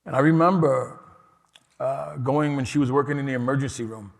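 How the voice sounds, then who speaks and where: A man's voice: medium pitch, fairly quick, creaky. A man from New York City with a New York accent, giving a casual, personal conference keynote with frequent restarts. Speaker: keynote speaker. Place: large conference hall. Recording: reverberant hall.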